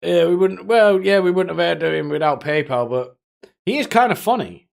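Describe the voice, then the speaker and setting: A man's voice: high-pitched, animated, moderate pace, vocal fry. A man streaming live, chatting casually with viewers in a rambling, profane way, often laughing to himself.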